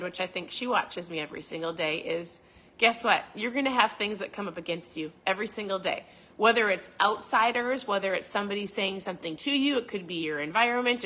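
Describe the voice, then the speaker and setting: Bright, animated woman talking to viewers. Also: mid-range voice. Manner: animated, acts out her own past dialogue. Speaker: podcast host. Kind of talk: casual motivational talk to viewers.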